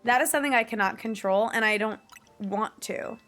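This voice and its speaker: A woman's voice: on the high side, fairly quick, a bit bright, faint music behind. A young woman from the New area, chatting casually to her stream viewers, swearing freely and laughing often. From New York / New Jersey area. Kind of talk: casual chat to viewers while gaming.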